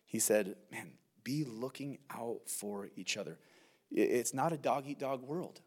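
A man's voice: medium pitch, animated, unhurried. A male pastor giving a verse-by-verse sermon, earnest and conversational, often saying "man" and asking "right?".

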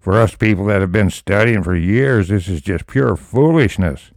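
A man leading a Bible study, reading scripture slowly and then breaking into emphatic commentary. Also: fairly low pitch, no room sound, clean studio sound.

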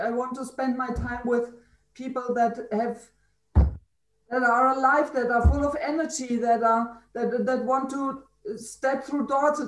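A woman participant in an emotional release exercise, speaking haltingly and emphatically, restarting mid-sentence. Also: fairly high pitch, reverberant. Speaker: workshop participant.

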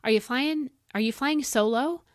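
Hosting a devotional podcast at a moderate pace, this woman sounds earnest and encouraging as she asks her listeners questions directly. Thirst leaves her voice slightly dry and cracking, and she moves from bright, emphatic peaks to quiet, low asides; the recording is dry.

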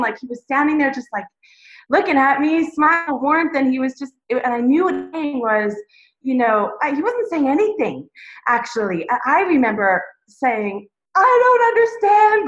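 A woman's voice: sits high, animated, normal speed. A woman podcast guest sharing her faith testimony and leading listeners in prayer, emotional and rambling. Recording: roomy, dull lo-fi sound.

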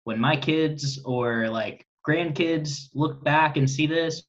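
A man's voice: a little high, takes it slowly. A man in his twenties, a guest comedian joining by video call, talking casually and packing his sentences with "like". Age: 20s. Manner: filler-heavy, lots of "like", laughs easily. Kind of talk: casual chat. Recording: dull lo-fi call audio.

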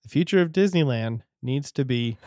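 A man's voice: mid-range voice, expressive, moderate pace, warm tone, no echo, clean studio sound. A man co-hosting a casual podcast, riffing on silly ideas and joking around. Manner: jokey, laughs between lines. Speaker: podcast co-host. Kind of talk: casual chat.

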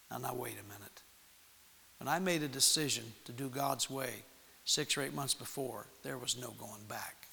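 Man preaching, gravelly bright voice, animated storytelling, long hall echo. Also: medium pitch, normal speed. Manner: animated storytelling with acted-out quotes. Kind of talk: storytelling sermon to young people.

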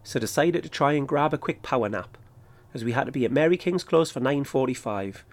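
A man, calmly narrating his own trip in a scripted podcast. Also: medium pitch, fairly quick. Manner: steady, matter-of-fact storytelling. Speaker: podcast host. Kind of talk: scripted first-person narration.

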